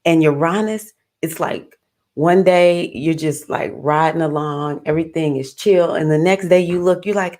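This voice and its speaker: A woman astrologer hosting a relaxed livestream. She has a low, warm-toned speaking voice and an animated, playful manner. She laughs easily and chats directly with her viewers. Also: normal speed. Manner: animated and playful, laughs often, calls listeners "baby". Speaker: astrologer, host. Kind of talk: casual livestream talk.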